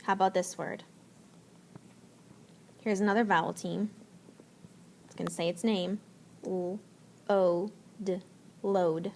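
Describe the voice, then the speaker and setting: A woman teacher giving a spelling lesson, slowly and patiently sounding out letters and words. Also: mid-range voice, steady tone, gravelly, slight background noise.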